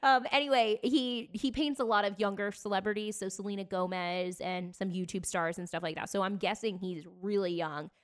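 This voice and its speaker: A woman co-hosting a casual podcast, trading celebrity gossip in a chatty way. Her voice sits at an ordinary middle pitch. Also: fairly even intonation, moderate pace, hardly any pauses. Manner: chatty, gossipy storytelling with bursts of laughter. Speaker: podcast co-host. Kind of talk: casual chat.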